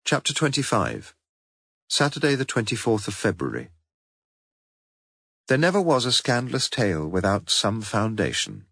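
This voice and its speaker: A man reading a detective novel aloud as an audiobook narrator, in a measured, dry storytelling manner. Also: fairly low pitch, big pitch swings, gravelly, fairly bright tone, husky, no room sound. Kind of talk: scripted narration.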